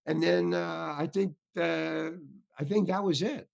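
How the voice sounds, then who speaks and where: An older actor tells rambling stories in a casual interview, acting out other people's lines and restarting often. His voice sits on the high side, steady and unhurried, with vocal fry.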